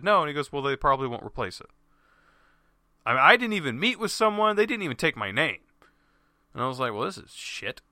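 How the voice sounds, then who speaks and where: A man rants angrily, cursing often and restarting his sentences as he rambles along. His voice is bright and forceful, climbing and swooping in pitch. The sound is close and dry. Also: no room sound. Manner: angry, profane, rambling with restarts. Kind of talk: ranting monologue.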